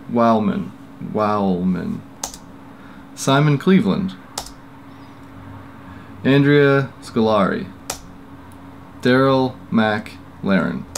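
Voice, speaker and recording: Slow, casual male maker reading names. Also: mid-range voice, gravelly, a little hiss or hum. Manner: unhurried, stumbles over names with self-deprecating asides. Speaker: maker YouTuber.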